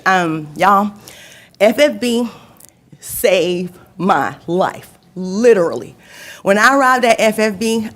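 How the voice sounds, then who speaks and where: A woman giving an emotional personal testimony at a public meeting, laughing between words and repeating phrases. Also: fairly low pitch. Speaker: public commenter, recovery home resident.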